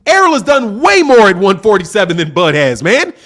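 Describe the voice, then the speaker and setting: A man with a very high, lively voice that swings up and down as he rants. He speaks, argumentative and profane. He hammers his points home by repeating them. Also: fairly quick. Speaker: boxing channel host. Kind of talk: heated opinion rant.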